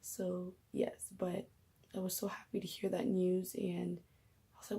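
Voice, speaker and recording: A woman's voice: on the low side, monotone, unhurried, creaky, dark tone, husky. A young woman vlogging casually about her faith, emotional and gushing, often dropping into whispers.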